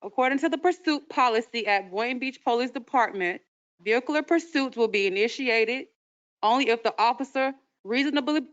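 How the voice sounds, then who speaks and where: Woman public commenter; clear, smooth voice, pointed delivery, muffled meeting recording. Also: fairly high pitch, fairly quick. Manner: direct, challenging, reads aloud from a policy. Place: council chamber. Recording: dull lo-fi meeting audio.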